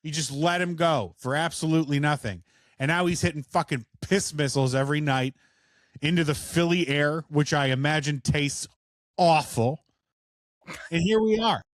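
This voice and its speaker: A man's voice: a little high, normal speed, no room sound, clean studio sound. Profane ranting male co-host. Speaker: podcast co-host. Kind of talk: casual chat.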